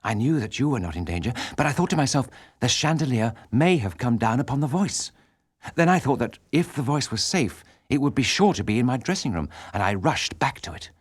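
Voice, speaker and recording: A man's voice: mid-range voice, sing-song, a little fast, husky, no room sound. A man reading an audiobook as a frightened, wondering young woman singer telling her story in first person. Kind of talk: audiobook narration.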